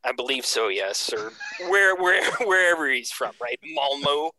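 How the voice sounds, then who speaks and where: A man from Canada tells a casual story in a bright, clear voice. He lively acts out the people he quotes. The sound is dry and close to the mic. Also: mid-range voice, a little slow, dry recording, low-quality recording.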